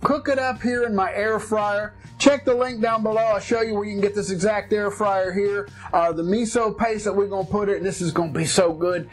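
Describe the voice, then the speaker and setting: A man's voice: sits high, steady tone, fairly quick, few pauses. A man hosting his own home cooking show, talking in a folksy, jokey, colloquial way. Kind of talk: casual cooking demo.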